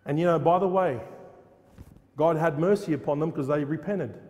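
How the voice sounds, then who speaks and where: A man's voice: on the high side, normal speed, darkish tone, long reverb tail. A man preaching a fervent sermon in a church, repeating phrases and firing off rhetorical questions.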